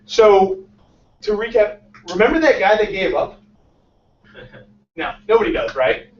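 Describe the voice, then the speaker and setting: Energetic young man, high voice, echoey room. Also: unhurried, slight background noise. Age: 20s. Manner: energetic, peppers lines with "right?". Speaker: startup founder giving a talk. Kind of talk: casual motivational talk. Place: lecture room. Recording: echoey muffled room sound from far off.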